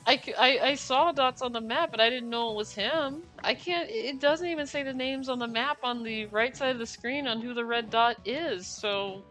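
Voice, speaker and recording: A young woman with a high, bright voice talks casually while she plays a racing game on stream. She rambles with many fillers and laughs often as she apologizes. Game music plays faintly behind her. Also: moderate pace, hardly any pauses, low-quality recording. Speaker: gaming streamer. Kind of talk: casual live-stream chat while playing.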